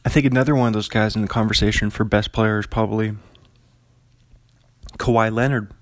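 A man's voice: lowish voice, steady tone, a little fast, no room sound. Rambling laid-back male podcast host. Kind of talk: casual solo podcast chat. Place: home apartment.

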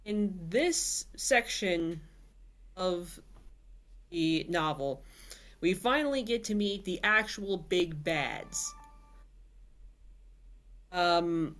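A woman's voice: fairly low pitch, a bit bright. A woman podcast host reading a novel aloud, with chatty asides and filler words. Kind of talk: casual storybook reading.

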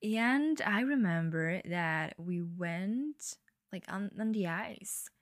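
Slow-talking young woman, dry close sound. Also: medium pitch, animated, no room sound. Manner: slow, breathy-edged, laughing and swearing freely. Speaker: podcast host. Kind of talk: casual solo podcast monologue.

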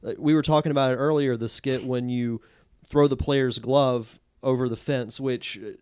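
A man's voice: medium pitch, steady tone, moderate pace, a little mellow, clear, resonant tone. Casual male podcast host asking questions. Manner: casual, rambling questions with fillers. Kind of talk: interview questions.

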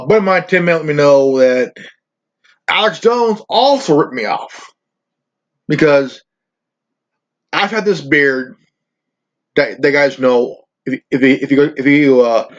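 On his channel, this host rants profanely, rambling and stammering in a slightly high, animated voice. He talks a little slowly with long pauses, captured in a dull lo-fi recording.

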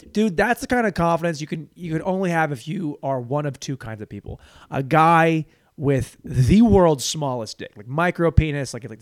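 A man delivering a profane, rambling comedy monologue in a slightly raised voice. His pitch leaps around in an animated way as he riffs. The sound is dry and close to the mic. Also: dry recording.

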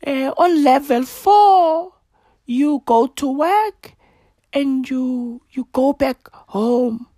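A slow, droning older woman politician, stretching each phrase and trailing off into uhs and sighs, as a woman mimics her. The voice sits a bit high and moves at a crawl. It is recorded close and dry. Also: warm tone, no echo.

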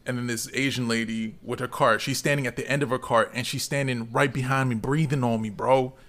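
Animated man telling a story. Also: mid-range voice, a little fast. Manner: animated storytelling, swears freely. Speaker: podcast co-host. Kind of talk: casual podcast chat.

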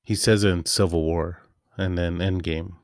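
Male solo host, deep voice, dry close sound, rambling casual monologue. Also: fairly even intonation, normal speed, no echo. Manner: rambling, loose and offhand with fillers. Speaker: podcast host.

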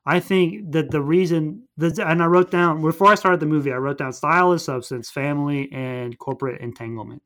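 A young man casually recapping a movie plot in a rambling, animated way, jumping into quick voices for the characters. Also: a little high.

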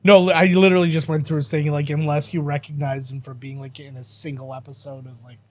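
A man's voice: fairly high pitch, little pitch movement, fast talker, a little mellow. A man chatting casually over a movie as a commentary host, telling rambling anecdotes. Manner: rambling, laid-back anecdotes.

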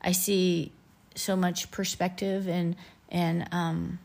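A woman's voice: fairly low pitch, flat delivery, slow pace, creaky, darkish tone. A woman in her fifties, a podcast co-host and teacher, chatting casually and thoughtfully with frequent fillers. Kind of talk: casual chat.

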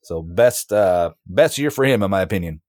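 Blunt low-voiced man, dry sound. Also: animated, normal speed, a little mellow, no room sound. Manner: blunt, confident opinions in short sentences. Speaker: podcast co-host. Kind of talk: casual sports chat.

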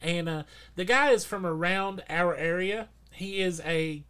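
A man's voice: sits high, a little slow, bright, forceful tone, clear, resonant tone. A man hosting a casual podcast, talking in a rambling, chatty way and laughing often. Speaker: podcast host.

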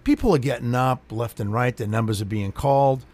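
A middle-aged man telling a profane, animated story in casual chat. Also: medium pitch, brisk. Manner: animated, swears freely, acts out quotes.

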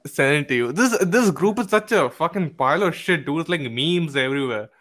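A man's voice: fairly high pitch, animated, brisk, a bit bright. A young man co-hosting a podcast in a casual chat, blunt, joking and profane. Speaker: podcast co-host.

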